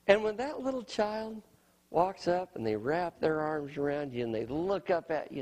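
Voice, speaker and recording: In a large hall, a middle-aged pastor delivers his sermon in a sing-song, slightly slow manner, pausing often. He's emphatic, repeatedly asking "you know what?" as he shifts from loud, high lines to soft, low ones.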